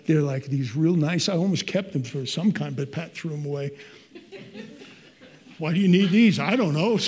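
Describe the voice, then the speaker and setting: A man's voice: on the high side, a little mellow, husky. An older man preaching a sermon in an earnest, conversational way with folksy asides.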